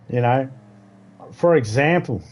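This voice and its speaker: A middle-aged man rambles through a story in casual chat as he plays a game. His talk is loose and profane, full of asides and restarts, at an ordinary mid pitch. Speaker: game streamer. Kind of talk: casual chat while gaming.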